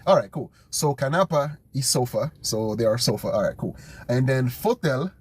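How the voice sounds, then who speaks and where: Man, husky voice, casual self-study chat, repeats words, thinks aloud. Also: mid-range voice, lively intonation, moderate pace. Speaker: language learner streaming his study session.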